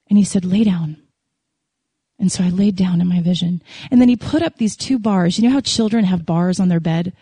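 A woman sharing an emotional faith testimony to a congregation, telling it as a lively story and acting out her prayers. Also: mid-range voice, creaky, breathy edge, no room sound. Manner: animated, emotional storytelling with laughs and acted prayers. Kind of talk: sermon testimony.

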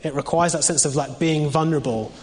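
Chatty young preacher in a reverberant hall. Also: male voice, fairly high pitch, a little fast, darkish tone. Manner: conversational, frequent fillers and restarts. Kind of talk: informal sermon.

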